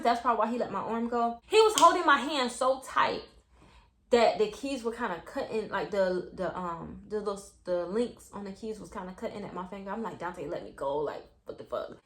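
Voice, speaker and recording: A young woman telling an animated, profane storytime, acting out quotes. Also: mid-range voice, echoey room. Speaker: vlogger. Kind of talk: storytime vlog.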